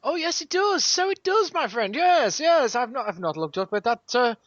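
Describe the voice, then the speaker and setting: A pompous old English gent, plummy and fond of old-fashioned turns of phrase, as a podcast host puts him on. His voice sits higher than the man's own and swings widely in pitch. The sound is dry and a little dull. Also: sing-song, normal speed, a bit bright, no echo, exaggerated voice.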